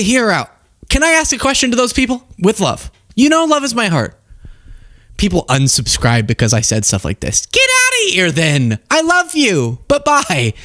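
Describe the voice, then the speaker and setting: A man's voice: sits high, dry recording, studio quality. A man hosting a commentary podcast, ranting in an emphatic way and laughing often. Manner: animated, emphatic, laughs a lot. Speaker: podcast host.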